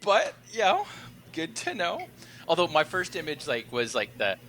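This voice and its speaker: A man's voice: on the high side, huge pitch swings, normal speed, a bit bright, a little hiss or hum. A man co-hosting a podcast as a tinsmith, chatting in a giggly, self-deprecating way. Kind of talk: casual chat.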